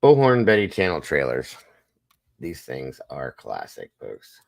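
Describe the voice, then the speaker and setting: A man's voice: very deep voice, wildly swooping pitch, a little slow, vocal fry. A man hosting a morning show, chatting casually with the audience in a rambling way with lots of fillers. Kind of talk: casual livestream chat.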